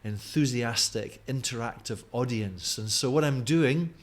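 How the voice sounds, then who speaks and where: A mildly Scottish man in his forties, a teacher trainer, gives a conference talk recorded on video at home at night, facing a camera in front of him. His middle-pitched voice is a little slow, and he comes across friendly and chatty with lots of fillers.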